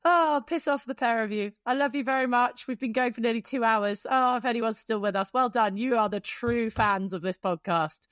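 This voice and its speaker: A woman's voice: fairly high pitch, normal speed, few pauses, dry recording, clean studio sound. A woman co-hosting a podcast, bubbly and teasing in casual chat, swearing freely. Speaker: podcast co-host.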